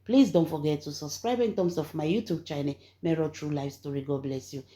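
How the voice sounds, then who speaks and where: A Nigerian woman hosting her own channel, telling gossip in an emphatic, preachy way that swings between loud and soft. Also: deep voice, fairly quick. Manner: emphatic, preachy, rising and falling in loudness. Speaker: channel host and gossip storyteller. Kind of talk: animated gossip commentary.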